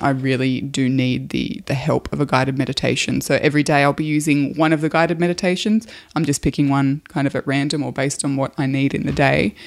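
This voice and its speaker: Chatty woman co-hosting a podcast. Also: low-pitched. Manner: chatty, upbeat, explaining at length. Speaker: podcast co-host. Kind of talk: casual podcast chat.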